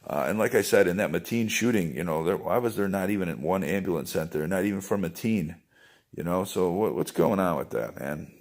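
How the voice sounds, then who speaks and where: A man's voice: sits low, fairly quick, darkish tone. A man talking in a casual, rambling monologue, wandering between thoughts and swearing freely.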